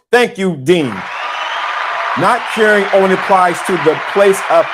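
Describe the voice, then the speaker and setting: A man, talking to his online audience like a preacher. He drives his points home by saying key lines over and over. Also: high-pitched. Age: 50s. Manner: preachy, repeats lines for emphasis. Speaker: host. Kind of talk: motivational talk to a live chat.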